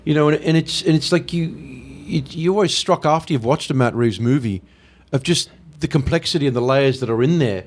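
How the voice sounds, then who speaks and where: An Australian man chatting as an interview guest, enthusiastic and quick to laugh. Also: on the high side. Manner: enthusiastic, laughs often, breaks into playful impressions. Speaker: guest actor. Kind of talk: casual interview chat.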